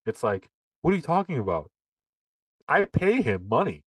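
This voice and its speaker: Animated male podcast co-host. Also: mid-range voice, moderate pace, breathy edge, no room sound. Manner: animated storyteller, acts out quotes. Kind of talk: casual political chat.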